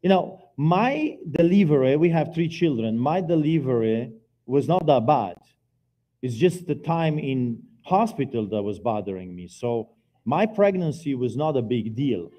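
A middle-aged man preaching a personal testimony at a church service, earnest and by turns quiet and forceful. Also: medium pitch, expressive, measured pace. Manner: earnest, swings between quiet and loud. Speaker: guest preacher giving testimony. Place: church sanctuary, live service.

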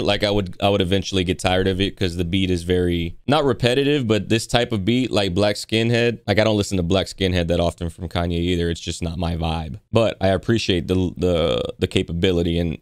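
A man's voice: lowish voice, clean tone, no room sound, clean studio sound. A man hosting a music reaction video, talking loosely with lots of fillers and restarts. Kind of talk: casual reaction commentary.

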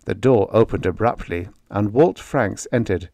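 A man's voice: fairly low pitch, measured pace, creaky, dark tone, no echo. A man narrating a vintage science fiction short story as an audiobook.

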